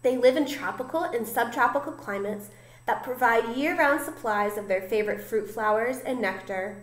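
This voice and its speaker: A woman reading a children's picture book aloud in an expressive way, doing a voice for each animal. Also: a little high, moderate pace, reverberant. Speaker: storybook reader.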